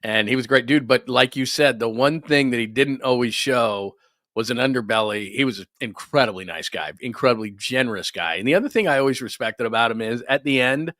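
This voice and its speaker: Bright-voiced man in casual sports chat. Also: medium pitch, brisk, dry recording, clean studio sound. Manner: relaxed, affirming, chimes in briefly. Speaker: sports show co-host.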